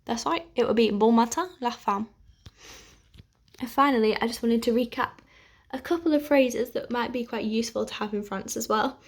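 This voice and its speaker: A young woman leads an online language lesson in a patient, steady way. She speaks in a slightly higher voice and pauses often so listeners can repeat after her. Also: breathy edge. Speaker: French teacher.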